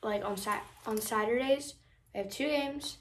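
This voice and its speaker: A woman's voice: on the high side, moderate pace, slight background noise. A teenage girl chatting casually in a vlog at home while getting ready, rambling with lots of fillers and dramatic complaints, a bit out of breath. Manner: rambling, filler-heavy, dramatic about small things. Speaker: vlogger.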